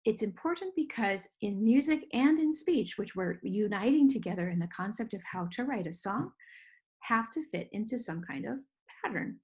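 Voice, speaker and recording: A woman teaching a music lesson for children, who explains clearly and patiently and sounds out rhythms of words. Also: medium pitch, expressive, moderate pace, darkish tone.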